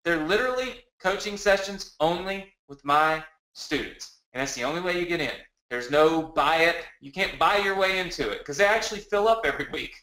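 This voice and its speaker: A man presenting a live sales webinar from his home, energetic and repetitive, rallying the audience with questions. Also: a little high, fairly quick, reverberant, low-quality recording. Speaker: webinar presenter selling a product. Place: home office.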